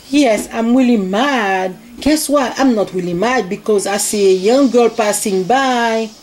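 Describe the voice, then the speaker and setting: A woman voicing a fed-up female Easter egg who speaks slow, broken English. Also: a little high, a little mellow, a little hiss or hum. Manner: slow, broken non-native English grammar.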